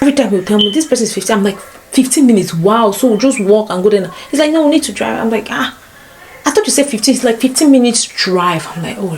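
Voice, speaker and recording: A young woman with a Cameroonian accent, telling stories to camera in a casual sit-down vlog, lively and full of exclamations. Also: medium pitch, slight background noise. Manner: animated, exclamations and playful asides. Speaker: vlogger. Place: sit-down room at home. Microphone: camera mic.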